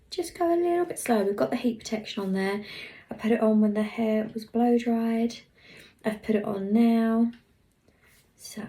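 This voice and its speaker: Chatty woman with a gravelly edge. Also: mid-range voice, warm tone. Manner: chatty, talks while working, drops into murmurs. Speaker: hairstylist vlogger. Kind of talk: casual hair tutorial.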